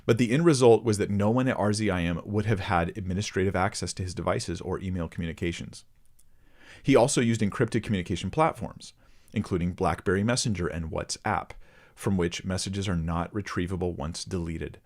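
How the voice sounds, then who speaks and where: A man's voice: low-pitched, a little fast, a little mellow. A man hosting a ministry channel, reading a report aloud and stopping to comment earnestly to his viewers. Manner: earnest, addresses viewers directly. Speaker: host of a Christian ministry channel.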